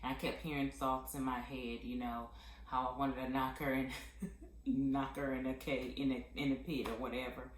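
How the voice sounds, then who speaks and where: A woman vlogger telling a candid personal testimony in a heartfelt, halting way with many pauses and fillers. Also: extremely low pitch, little pitch movement, roomy sound, slight background noise, poor audio.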